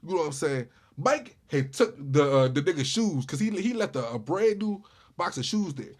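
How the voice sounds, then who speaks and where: A man telling a true story in a casual storytime vlog, animated, with lots of repeated starts like "I said, I said". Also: on the high side, normal speed. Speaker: storyteller vlogger.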